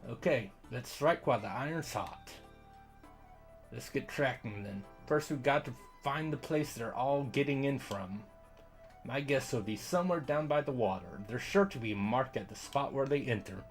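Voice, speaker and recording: A man voicing a determined young male adventurer with a steady, resolute delivery. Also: medium pitch, normal speed, soft background music, close to an everyday voice.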